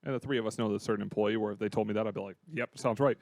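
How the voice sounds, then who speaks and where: A man hosting a podcast, telling a wry story in casual chat with quick asides. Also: on the low side, a little mellow, dry recording.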